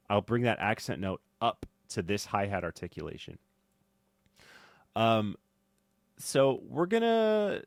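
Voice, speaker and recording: A man teaching drum mixing in a casual tutorial, thinking aloud with fillers and swinging in loudness. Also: on the low side, dry recording. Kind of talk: casual screen-recorded tutorial. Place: home studio. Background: faint music from drum playback.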